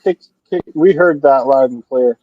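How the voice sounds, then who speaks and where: A man's voice: medium pitch, normal speed, dry recording, lo-fi sound. A man co-hosting a beer review live stream, filling the gaps with dry joking commentary in casual chat. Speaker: beer review podcast co-host.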